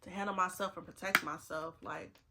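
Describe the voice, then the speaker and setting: Her voice fairly low with fairly even intonation, a twenty-something vlogger talks a little fast in a very noisy recording. She gets ready on camera while chatting earnestly, holding back tears and saying things again to stress them.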